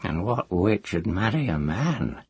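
A man voicing an old, earthy village witch woman who talks in a rustic country dialect with a drawn-out, sing-song lilt. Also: deep voice, big pitch swings, darkish tone, breathy edge, dry recording, full character voice. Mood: folksy, musing. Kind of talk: audiobook character voice.

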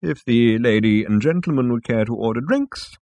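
A man's voice: medium pitch, expressive, normal speed, darkish tone, no room sound, voice pushed up, lightly acted. A man reading a storybook and voicing a prim, disdainful green blur of a waiter in a raised voice.

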